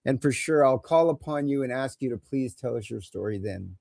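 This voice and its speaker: During a casual livestream, a man running a call-in show rambles and makes crude jokes as technical trouble keeps getting in his way. His medium-pitched voice is gravelly and darkish, lively in intonation, and fairly quick. The audio has no echo.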